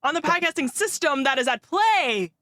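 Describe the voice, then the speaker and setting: A woman's voice: sits high, lively intonation, normal speed, sharp tone, no echo. A young woman co-hosting a college radio podcast, casual and playful, often giggling and repeating her co-host's words. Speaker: podcast co-host. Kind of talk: casual chat.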